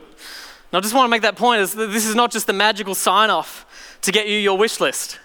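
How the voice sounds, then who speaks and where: A man's voice: high voice, fairly even intonation, fairly quick, bright, forceful tone, clean tone, big-room sound. A man preaching a sermon to his church, telling stories animatedly and acting out voices. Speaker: pastor.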